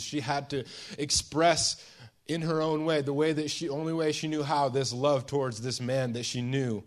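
A man preaching a sermon, retelling a scene with hushed and emphatic turns and many restarts. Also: mid-range voice. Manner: storytelling, dramatizing a scene with voiced quotes; pauses and restarts, shifts between hushed and emphatic.

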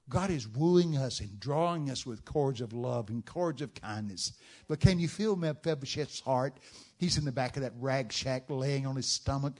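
A man's voice: fairly high pitch, darkish tone. A male preacher telling a story in a sermon with dramatic delivery and rhetorical questions.

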